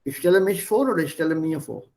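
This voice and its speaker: A man's voice: on the high side, lively intonation, fast talker, creaky, a little mellow. A man teaching an online language class over a video call, explaining words one at a time and switching between languages.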